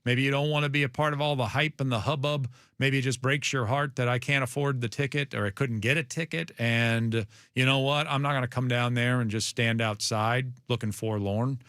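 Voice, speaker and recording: A man hosting a morning sports radio show, chatting casually and telling jokey stories with sudden high-pitched outbursts. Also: steady tone, brisk, few pauses, fairly bright tone, clean tone, no echo, studio quality. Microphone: studio microphone.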